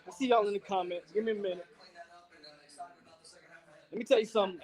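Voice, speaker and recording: A man hosting a live fan reaction stream, out of breath, talking in excited, repetitive slang outdoors in the wind. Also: sits high, a little fast, pauses often. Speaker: channel host. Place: outdoors, windy.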